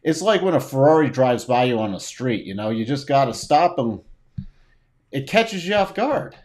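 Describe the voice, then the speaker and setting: An easygoing man hosts a casual market chat show. He talks in a relaxed, joking way and keeps the tone light. His voice sits at an ordinary middle pitch. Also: moderate pace.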